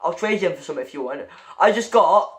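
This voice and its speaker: A man giving excitable gaming commentary while chatting with a friend, stammering and repeating himself. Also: high-pitched, fairly quick. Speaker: gamer opening loot crates.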